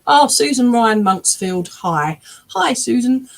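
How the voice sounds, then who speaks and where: A woman's voice: on the high side, lively intonation, slow, creaky. An English woman, a spiritualist medium, giving readings at an online church service from her webcam, often checking in with "all right?" and "okay?". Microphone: webcam on a video stream.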